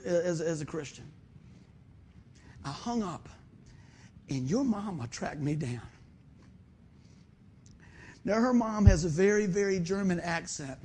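Husky high-voiced man preaching. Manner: animated storytelling, calls out "man" and "amen". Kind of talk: sermon.

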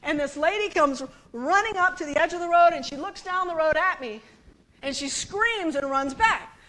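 A woman from the United States preaches to her congregation with a high, bright voice. She tells her story in a chatty, animated way and laughs along with the room. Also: moderate pace. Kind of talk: sermon storytelling.

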